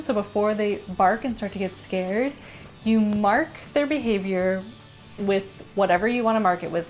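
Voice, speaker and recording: A young woman tells a story to camera in an easy, casual vlog style. Her voice sits at an ordinary mid pitch and grows animated, spilling into quick asides as the story speeds up. Soft music plays faintly underneath. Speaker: vlogger and dog owner.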